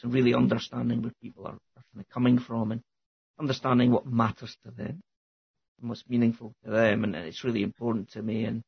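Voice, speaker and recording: A man's voice: mid-range voice, vocal fry, breathy edge, dull audio. A man hosting a casual podcast chat, reflective and hesitant with many fillers. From Scotland. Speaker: podcast host. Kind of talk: casual conversation.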